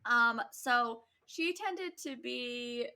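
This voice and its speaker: A woman's voice: a little high, lively intonation, extremely slow, pushed and bright, clean tone. A young woman co-hosting a podcast, telling a story in casual chat with lots of laughs, ums and swearing. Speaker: podcast co-host.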